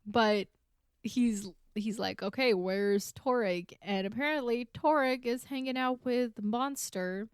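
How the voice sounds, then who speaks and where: A woman's voice: fairly high pitch, a little slow, clean tone, no echo, studio quality. A woman co-hosting a podcast, casually recapping book chapters and peppering her paraphrases with "like". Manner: chatty, paraphrases scenes with filler "like".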